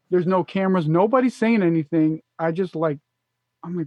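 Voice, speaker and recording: A man with a notably high voice tells a story on a casual podcast, bluntly and with plenty of profanity. His audio sounds a bit dull and lo-fi, and dry. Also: brisk, no echo. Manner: blunt, profane, acts out exasperated quotes.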